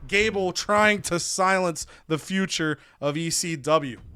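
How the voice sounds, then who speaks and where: A young man hosting, recapping a wrestling management game in fast, animated narration full of wrestling lingo. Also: high voice, smooth, dry recording, studio quality.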